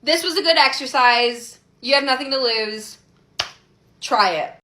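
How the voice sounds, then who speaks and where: Chatty twenty-something woman, high and bright, casual storytime vlog delivery. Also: measured pace, a little hiss or hum. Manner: chatty and animated, heavy use of "like". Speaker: storyteller in a clip.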